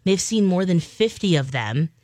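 A woman's voice: fairly low pitch, animated, normal speed, darkish tone, no echo. A woman co-hosting a morning radio show, telling a news story in a chatty way. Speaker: radio co-host reading news stories. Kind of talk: casual news chat.

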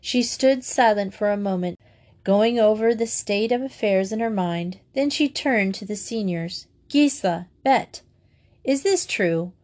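A woman narrating a storybook aloud in a clear, even storytelling manner. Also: medium pitch, measured pace. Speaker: audiobook narrator. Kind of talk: storybook reading.

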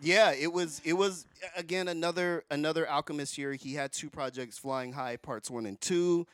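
Laid-back middle-aged podcast host, dry sound. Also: male voice, a little high, normal speed, dry recording. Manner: relaxed, filler-heavy, enthusiastic. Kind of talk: casual chat.

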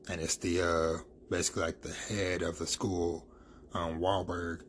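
A man's voice: sits low, little pitch movement, measured pace, slight background noise. A man giving a casual, rambling recap of a manga chapter, full of fillers and the word "freaking". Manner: loose and rambling, filler-heavy, says "freaking" a lot.

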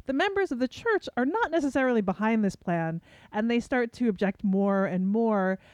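A woman's voice: a little high, animated, moderate pace, a little mellow, no echo. A woman co-hosting a film podcast, chatting casually and walking through a story with fillers. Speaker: podcast co-host. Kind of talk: casual film review chat. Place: New York City studio.

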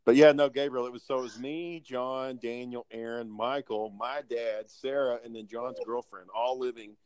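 A man's voice: medium pitch, moderate pace, smooth. A man chatting casually on a podcast, rambling and swearing as he tells stories. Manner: rambling, swears, lively storytelling. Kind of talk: casual chat.

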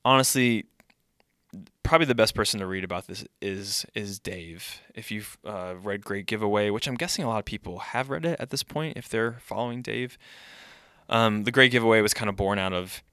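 A man's voice: on the low side, sharp tone, no room sound, clean studio sound. A man who is a pastor and podcast host, speaking in a conversational podcast monologue and thinking aloud.

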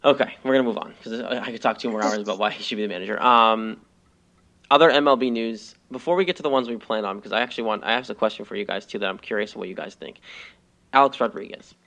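A man's voice: fairly low pitch, fast, vocal fry, a bit bright, dull audio. A man hosting a casual sports podcast, steering the talk in a teasing, easygoing way. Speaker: podcast host.

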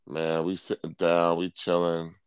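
A man's voice: deep voice, completely flat delivery, a little slow, clear, resonant tone, dry recording. A man co-hosting an uncensored podcast, laid-back and laughing as he tells stories. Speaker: podcast co-host. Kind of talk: casual uncensored podcast banter.

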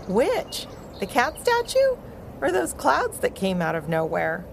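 A woman voicing an excitable young character in a children's audio story, squealing and drawing out her words. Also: a little high, a little slow, creaky, a little hiss or hum, pitched above the performer's own voice, full character voice. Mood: astonished. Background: music.

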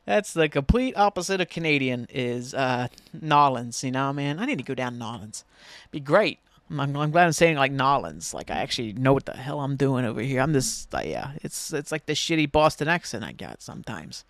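An American man hosting his own solo podcast, rambling excitedly and swearing freely as he chats. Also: mid-range voice, fairly quick, no room sound. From United States. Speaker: podcast host. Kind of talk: casual solo podcast chat.

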